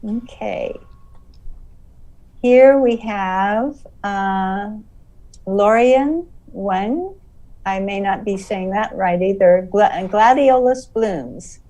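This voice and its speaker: A woman hosting an online art awards presentation, announcing each winner in a measured way and checking how names are said. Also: mid-range voice, mellow, distant mic, low-quality recording. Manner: measured, checks name pronunciations. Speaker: host.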